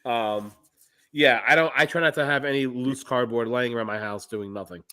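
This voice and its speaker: Guy with a cold cohosting a live toy podcast, blunt jokey chat, mid-pitched voice. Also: moderate pace, bright, forceful tone, smooth. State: sick with a cold. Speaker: podcast co-host. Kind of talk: casual livestream chat.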